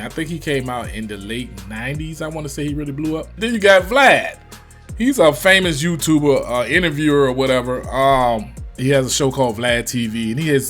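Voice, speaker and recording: A man's voice: mid-range voice, fairly bright tone. A man with a Virginia accent giving loose, slangy reaction commentary, swearing freely. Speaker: reaction youtuber.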